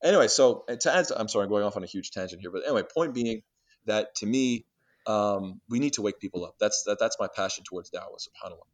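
A man speaking quickly in a lowish voice, guest on an interview. He tells stories animatedly, acts out both sides of a conversation, and restarts his sentences often. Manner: animated storyteller who acts out exchanges, many restarts and fillers. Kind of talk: casual storytelling interview.

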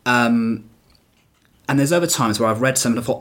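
A man's voice: medium pitch, brisk, a bit bright. A male stand-up comedian in casual podcast chat, talking reflectively with fillers and restarts.

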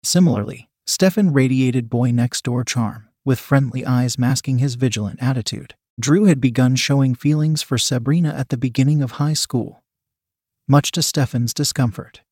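A man reading a first-person story aloud in an even, measured narration. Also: medium pitch, husky, dry recording, studio quality. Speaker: audiobook narrator.

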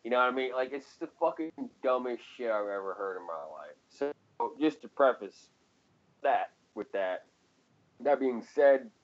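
A man's voice: mid-range voice, lively intonation, normal speed, highs cut off. A man co-hosting a casual podcast chat, profane and ranting, laughing often. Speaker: podcast co-host.

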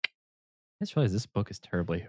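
A man's voice: low-pitched, lively intonation, warm tone, breathy edge, no room sound, studio quality. A man hosting a casual chat with friends, joking easily and at times reading aloud from a book. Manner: laid-back, joking, quick to laugh. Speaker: podcast host.

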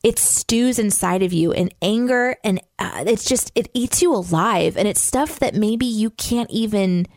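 A woman's voice: mid-range voice, measured pace, hardly any pauses, darkish tone, no echo, clean studio sound. Chatty woman podcast co-host. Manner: chatty, lots of "like" fillers. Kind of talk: casual conversation.

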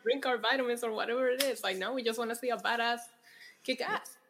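A woman's voice: fairly high pitch, steady tone, quick pace, a bit bright. A woman co-hosting a casual podcast chat with a breezy, easygoing manner.

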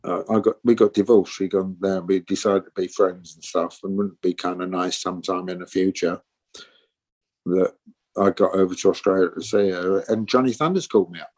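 A man's voice: deep voice, steady tone, a little fast, darkish tone. A man in his sixties, a musician guest telling rambling stories and acting out the voices of people he quotes. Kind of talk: casual interview storytelling.

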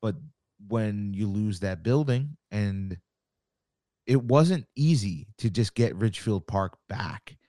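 Low-voiced man telling a story. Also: lively intonation, takes it slowly, mellow, dry recording, clean studio sound. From New York. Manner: storytelling, acts out phone calls, swears casually. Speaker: wrestling promoter. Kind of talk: casual podcast chat.

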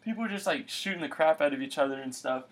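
Young man, casual chat, animated storyteller, slightly high voice. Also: fast. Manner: animated storyteller, acts out quotes.

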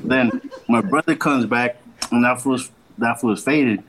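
A man's voice: medium pitch, a little slow, fairly bright tone, slightly rough, poor audio. Slangy laid-back male storyteller. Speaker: podcast co-host telling a story. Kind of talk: casual storytelling with heavy swearing.

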